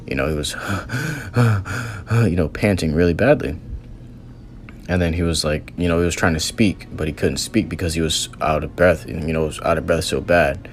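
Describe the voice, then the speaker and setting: Deep-voiced man telling a vision testimony. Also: normal speed, slight background noise. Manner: earnest storytelling, many "you know" and "man" fillers. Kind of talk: recounting a religious vision testimony.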